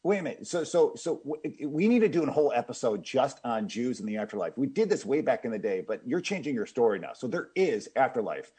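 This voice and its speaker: A man's voice: mid-range voice, big pitch swings, fairly quick, few pauses, dark tone, breathy edge. Teasing, playful radio co-host man. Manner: teasing, playful, talks like a broadcaster. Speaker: priest, co-host. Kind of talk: casual radio talk.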